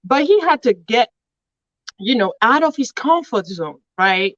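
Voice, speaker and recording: A woman co-hosting a motivational podcast, telling stories in an animated, emphatic way. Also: a little high, measured pace, no room sound. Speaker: podcast co-host. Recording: dull lo-fi sound.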